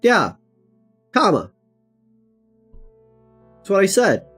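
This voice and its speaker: A streamer chatting casually while gaming, rambling with many fillers and frequent laughs, sometimes reading game text aloud in a lower, flatter tone. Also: very slow, breathy edge, faint music behind. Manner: rambling, animated, laughs often; reads game text in a low flat tone.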